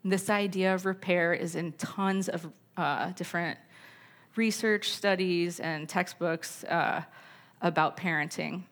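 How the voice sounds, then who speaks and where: A woman's voice: on the low side, fairly even intonation, measured pace. A middle-aged woman giving a candid church talk on parenting, mixing personal stories with scripture quotes. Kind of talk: sermon-style teaching talk.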